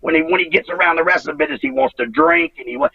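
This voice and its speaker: A man in his fifties, a retired wrestler giving an interview, talking in a halting, emotional way, repeating himself and swearing freely. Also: high-pitched, sing-song, gravelly, slightly rough, no echo, far from the mic, muffled recording. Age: 50s. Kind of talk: emotional interview over a call.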